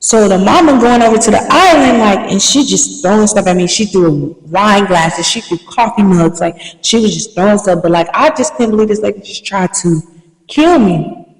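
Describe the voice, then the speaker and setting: A young woman tells a story with animated, slangy energy, like a podcast host catching up with her listeners. Her voice comes from a little way off the mic. It rings around a roomy space with a long tail of reverb. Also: mid-range voice, normal speed. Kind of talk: casual storytelling. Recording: echoey room, mic at a distance.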